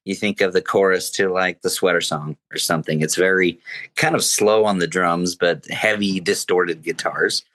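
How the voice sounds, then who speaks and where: A man co-hosting a podcast, calmly sharing his written notes on a song. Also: low-pitched, moderate pace. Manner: relaxed, reads from his notes. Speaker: podcast co-host. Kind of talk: casual music review chat.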